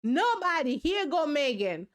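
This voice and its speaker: A woman's voice: high voice, very animated, a little slow. A woman hosting a reaction video, giving sassy, slangy commentary on a reality show and talking straight to her viewers.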